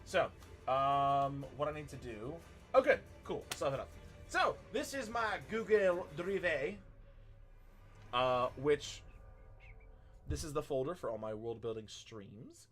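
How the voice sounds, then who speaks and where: Lively, profane man in his thirties. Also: on the high side, unhurried, long pauses, faint music behind. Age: 30s. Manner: profane storytelling, laughing often. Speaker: streamer and teacher. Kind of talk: casual stream chat.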